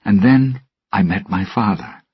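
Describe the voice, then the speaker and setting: A man reading a storybook, voicing a determined young sailor in a firm, defiant, husky voice raised above his own. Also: fairly low pitch, unhurried, no echo, voice pushed up, full character voice. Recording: dull lo-fi recording.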